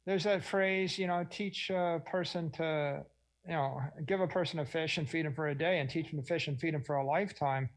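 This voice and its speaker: A man's voice: a little high, fairly even intonation, a little fast, poor audio. Enthusiastic man on a conference panel. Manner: enthusiastic, expansive, acts out quoted voices. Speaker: panel speaker.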